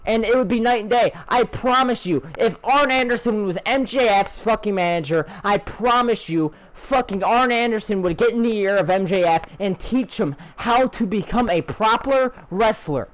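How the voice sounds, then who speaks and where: A young man with a fairly high voice rants with heat and open sarcasm. He swears constantly and drives his points home with mocking disbelief. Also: normal speed, hardly any pauses, rough recording. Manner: angry, profane, sarcastic, heated. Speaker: channel host ranting. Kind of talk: profane wrestling rant.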